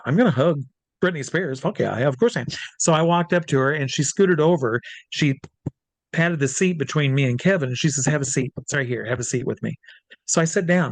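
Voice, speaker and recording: Appearing as an interview guest, a drag performer and hypnotist shares a lively, casual anecdote. He voices the quoted characters and swears freely, speaking at medium pitch with no echo.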